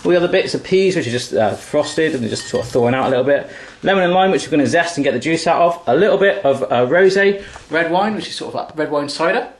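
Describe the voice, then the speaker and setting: Fast-talking, playful cooking host. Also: male voice, on the high side, animated, reverberant, slight background noise. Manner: playful, jokey and chatty. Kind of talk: casual cooking demonstration. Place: home kitchen. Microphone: camera on a tripod.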